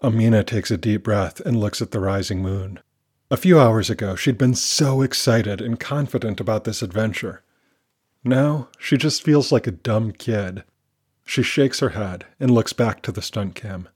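A man narrating a children's adventure story in a calm, measured reading. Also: fairly low pitch, husky.

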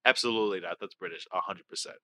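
A man co-hosting a podcast in casual banter, excitable and quick to swear, talking himself up into a frenzy. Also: sits low, no echo. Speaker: podcast co-host.

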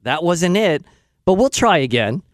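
A man's voice: a little high, big pitch swings, a little slow. A man hosting a talk radio show, speaking in an emphatic, opinionated and rambling way.

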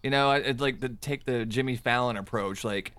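A middle-aged man co-hosting a podcast, wry and self-deprecating, talking haltingly with many fillers. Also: medium pitch, fairly bright tone, smooth, dry recording. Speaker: podcast co-host. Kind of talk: casual chat. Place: Chicago.

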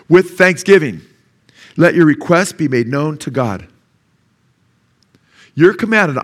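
A pastor preaching a sermon, often asking the congregation "Amen?" and acting out the voices of doubters. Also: male voice, on the high side. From United States.

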